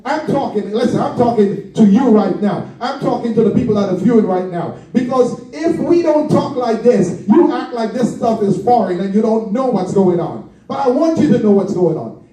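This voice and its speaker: A man's voice: high voice, warm tone. A man preaching a sermon as pastor, speaking straight to his congregation and drawing out his words for emphasis. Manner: preaching with drawn-out emphasis and direct address. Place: church hall. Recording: echoey hall from far off.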